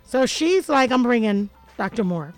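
A woman's voice: fairly high pitch, lively intonation, moderate pace, soft background music, low-quality recording. A woman hosting a radio show in a studio, chatting casually and playfully, joking and laughing often.

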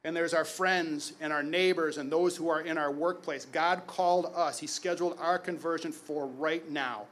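A pastor in his forties preaches to his congregation with a voice that sits a little higher than most men's. He pushes phrases out loudly, then sinks to a low, quiet hush to land a point, with strong emphatic delivery. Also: fairly even intonation, normal speed. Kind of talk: sermon.

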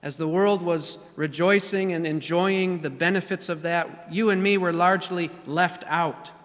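A man preaching a sermon as pastor, speaking deliberately, slowing down and repeating key phrases for emphasis. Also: sits high, fairly even intonation, a bit bright, long reverb tail. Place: church sanctuary.

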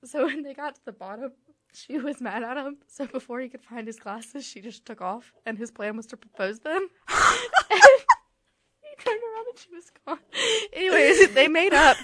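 A woman's voice: sits high, animated, normal speed, a bit bright, dry recording. A young woman co-hosting a podcast, telling stories in a rambling, giggly casual chat. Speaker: podcast co-host.

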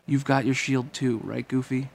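A man's voice: medium pitch, level tone, normal speed, gravelly, slight background noise, natural voice. A man reading an audiobook and voicing an earnest, eager young male hero.

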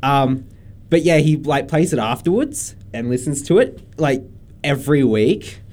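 Animated man chatting on a podcast. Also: mid-range voice, measured pace. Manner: rambling, lots of fillers and acted-out reactions. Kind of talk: casual chat.

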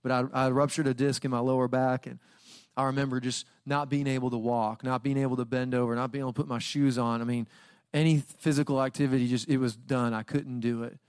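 A young adult man preaching a guest sermon in a church, telling personal stories in a casual, conversational way and now and then bursting into loud, dramatic outcries. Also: medium pitch, flat delivery, fairly quick, smooth, dry recording, studio quality. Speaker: guest pastor. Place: church auditorium.

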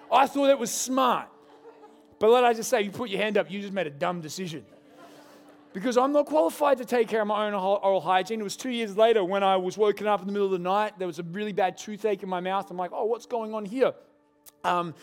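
A man's voice: sits high, brisk. A young adult man, a pastor preaching a sermon and telling a story with humorous asides.

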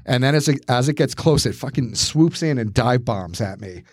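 A man co-hosting a podcast, telling a story in casual, profane, animated fashion. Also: mid-range voice, normal speed, husky, no echo, studio quality. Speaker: podcast co-host.

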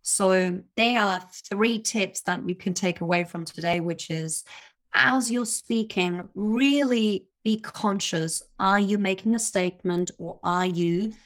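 A woman giving confident, emphatic expert advice as a guest in a podcast interview, laughing now and then at her own points. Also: lowish voice. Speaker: communication coach, guest.

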